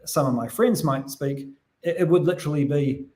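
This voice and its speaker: A man with a mild New Zealand accent speaks as a podcast guest, quick and chatty. His voice sits a little high for a man. He tells stories in a relaxed, conversational flow. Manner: fast, chatty storytelling. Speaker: guest analyst.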